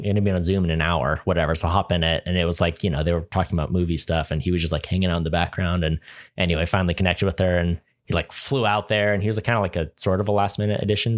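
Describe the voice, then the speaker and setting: A man co-hosting a casual movie chat, enthusiastic and rambling with lots of fillers. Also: low-pitched. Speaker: podcast co-host.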